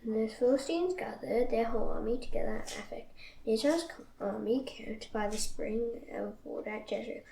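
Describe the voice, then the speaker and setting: Woman reading scripture, gravelly voice. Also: a little high, normal speed. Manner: steady reading with slips and restarts. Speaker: Bible reader. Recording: echoey room, faint noise.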